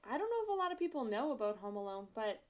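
A woman's voice: on the high side, big pitch swings, very fast. Sniffly young woman in podcast chat. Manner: giggly, self-mocking. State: sniffly from allergies. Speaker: podcast co-host. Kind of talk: casual chat.

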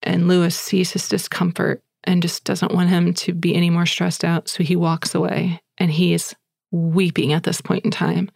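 A woman's voice: lowish voice, little pitch movement, moderate pace, vocal fry, a little mellow, husky, no room sound, clean studio sound. A woman hosting a podcast who retells a story in a chatty, breathless way, with fillers like "like" and "you know". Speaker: podcast host. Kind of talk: casual storytelling.

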